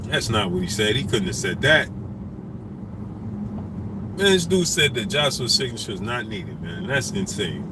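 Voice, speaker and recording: A man hosting a boxing talk stream, repeating himself emphatically and shouting out viewers by name. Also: on the low side, moderate pace, pauses often, very noisy. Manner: animated, repetitive, emphatic street talk. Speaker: boxing talk show host.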